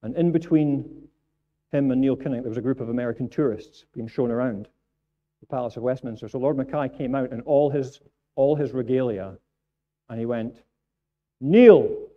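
A man's voice: mid-range voice, brisk, muffled recording. A man preaching a sermon in church, earnest and repeating phrases for emphasis. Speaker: pastor.

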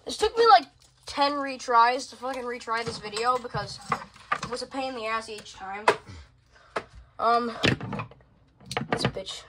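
A woman with a slightly high voice speaks a little slowly and pauses often as she narrates a home vlog about her fan collection. She rambles, swears a lot and fumbles with her gear. It's filmed on a phone camera in a room at home, with loud fan noise behind her.

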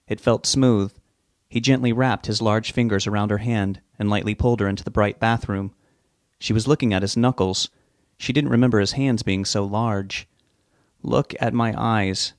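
A man reading a novel aloud in a measured, steady way. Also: on the low side, no room sound, clean studio sound. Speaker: narrator. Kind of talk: audiobook narration.

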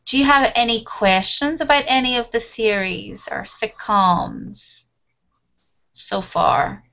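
A woman's voice: on the high side, slow pace, sharp tone, dull audio. A woman teaching an online English class, chatting casually and laughing as she talks about TV shows. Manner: chatty, laughs often, addresses students as guys.

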